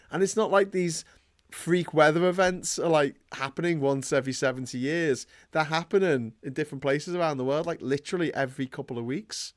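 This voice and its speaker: A man's voice: fairly high pitch, a little fast, no room sound, clean studio sound. Man ranting bluntly on a podcast. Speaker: podcast host. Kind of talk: casual chat.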